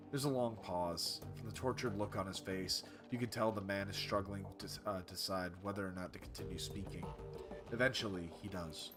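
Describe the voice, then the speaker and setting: A man's voice: lowish voice, moderate pace. A man reading a game's text aloud in a narrated playthrough, with wry asides. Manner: wry asides between read lines. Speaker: streamer reading a game aloud. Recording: game music behind voice.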